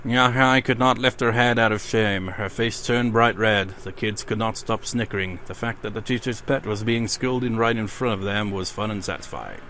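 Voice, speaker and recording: A man's voice: on the low side, normal speed, hardly any pauses, bright, forceful tone, a little hiss or hum. A man playing a horror game, reading its ghost stories aloud between casual commentary. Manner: reads in-game ghost stories aloud, then rants with swearing and laughs. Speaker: let's play gamer.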